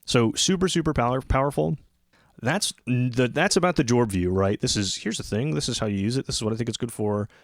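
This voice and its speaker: A man casually demonstrating synthesizer modules as the host of his own channel. He explains in a relaxed, loose way, often restarting his sentences. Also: medium pitch, fast, hardly any pauses, no room sound. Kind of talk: casual hands-on gear demonstration.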